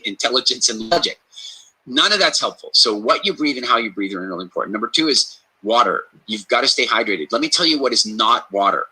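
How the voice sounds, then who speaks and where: Podcast man, emphatic and punchy, very bright tone with a husky edge. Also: medium pitch, rough recording. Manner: emphatic, repeats key phrases for stress; storytelling, acts out quoted reactions. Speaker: podcast speaker giving health advice. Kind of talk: energetic conversational podcast talk.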